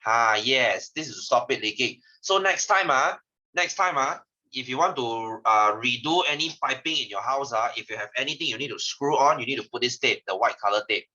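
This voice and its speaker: Bright teasing Malaysian teacher. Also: male voice, mid-range voice, a little fast, dull audio. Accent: Malaysian English. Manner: lively, teasing, peppered with lah and ah. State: tired, yawning. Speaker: science teacher. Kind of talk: online class lesson.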